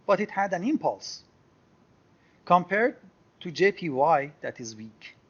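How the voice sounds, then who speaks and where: Lively high-voiced man explaining charts. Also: lo-fi sound. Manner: explanatory, thinking aloud while clicking through charts. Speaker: trading software instructor. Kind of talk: screen-share tutorial.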